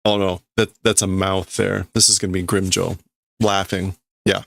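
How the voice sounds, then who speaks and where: Man, low gravelly voice, slow, hesitant, self-correcting, casual manga translation, dry sound. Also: little pitch movement, fairly bright tone, no room sound. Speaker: livestreamer.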